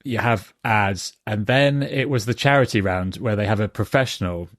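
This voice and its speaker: A man's voice: lowish voice, normal speed, a bit bright, no room sound, studio quality. A man co-hosting a podcast, telling a swearing, laughing story in casual chat. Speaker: podcast co-host. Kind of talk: casual film review chat.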